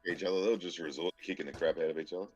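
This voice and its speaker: A man's voice: sits low, fairly even intonation, rapid-fire, no echo, muffled recording, soft background music. A man co-hosting a podcast, telling stories in a rambling, profane casual chat. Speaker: podcast co-host.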